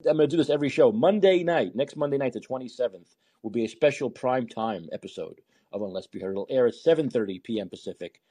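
A man's voice: medium pitch, dark tone, breathy edge. A man hosting his own talk show, rambling through sarcastic political commentary and often interrupting himself.

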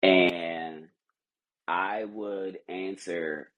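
On a recording with the highs cut off, a CEO guest talks in a podcast interview, very slowly and with a flat delivery in a low voice. It's earnest, motivational and rambling, with lots of restarts.

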